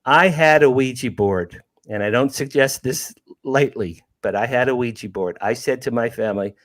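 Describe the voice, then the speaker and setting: A man's voice: medium pitch, moderate pace, few pauses. A man in his sixties telling a personal ghost story with emphasis, repeating key phrases and calling his listeners "you guys.". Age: 60s. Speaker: guest storyteller, network host.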